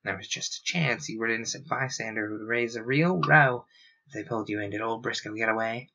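A wry, kindly man talks low and gently, as a man reading aloud puts him on. His voice has a bright clarity under the softness. The recording is dull and lo-fi. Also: brisk.

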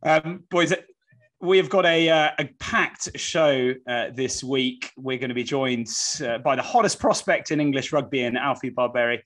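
A man's voice: mid-range voice, normal speed, fairly bright tone. Upbeat male podcast host. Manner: upbeat, bantering presenter. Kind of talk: podcast presenting.

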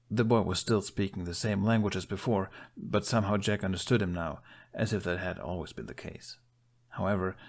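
A man reads a story aloud in a calm, measured way. His voice is deep and husky, with a gravelly rasp at the ends of phrases. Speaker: fan fiction reader. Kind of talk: storybook narration.

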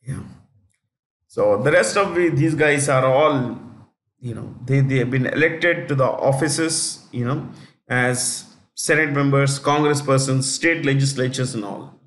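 A man teaching a current affairs lesson, repeating key figures slowly so students can write them down. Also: mid-range voice, a bit bright. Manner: repeats key facts slowly for note-taking. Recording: echoey room.

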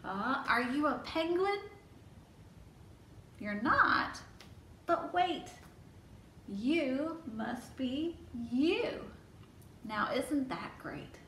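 A woman's voice: high-pitched, expressive, very slow, pauses often, sharp tone, far from the mic, a little hiss or hum. A woman children's librarian leading a toddler storytime, speaking in a coaxing way and asking the children questions. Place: library room. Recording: echoey room, mic set back.

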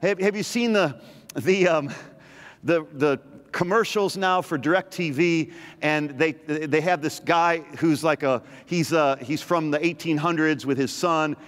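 High-voiced pastor preaching in a hall. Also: male voice, unhurried, fairly bright tone. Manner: emphatic, repeats phrases, teases the congregation. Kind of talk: sermon. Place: large church hall.

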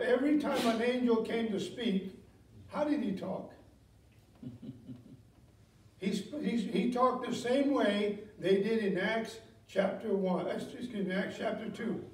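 Pastor, male, high voice, conversational sermon with chuckles, church mic from afar. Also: a little slow. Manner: conversational preaching, reads scripture aloud, asks the congregation questions; chuckles often, many fillers and self-corrections. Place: church sanctuary. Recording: echoey room, voice from a distance.

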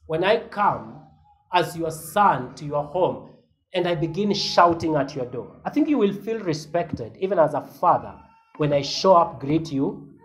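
A man's voice: a little high, a little hiss or hum, low-quality recording. A man preaching a sermon as pastor, earnest and emphatic, with a repeated refrain to the congregation.

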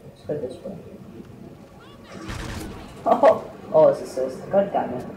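A man's voice: medium pitch, lively intonation, slow, mellow. A man giving gameplay commentary, complaining melodramatically and cursing in bursts. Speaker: gaming video maker. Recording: roomy, distant mic with noise.

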